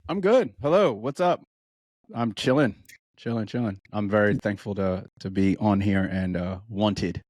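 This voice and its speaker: A man from New York, a podcast guest chatting casually, animated, laughing often and acting out quoted voices. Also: lowish voice, unhurried, dry recording. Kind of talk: casual chat.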